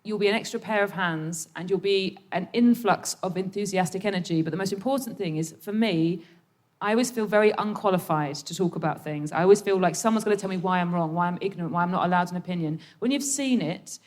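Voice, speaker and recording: A woman comedian guest on a live stage, speaking in an earnest, quick and passionate way. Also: on the low side, darkish tone. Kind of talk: onstage conversation. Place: live theatre stage before an audience.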